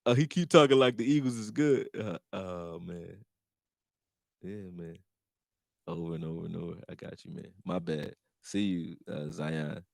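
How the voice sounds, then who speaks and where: A man hosting a casual sports livestream, laughing, talking slang, and reacting to viewers' chat comments in an animated way. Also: sits low, a little slow, gravelly, dry recording, studio quality.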